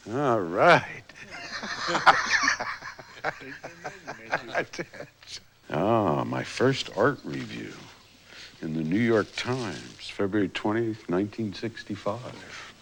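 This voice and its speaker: Older man, candid documentary storyteller, lively pitch, laughs a lot. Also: noisy background. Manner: animated anecdotes, laughing often, acting out quotes. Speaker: artist recalling his life.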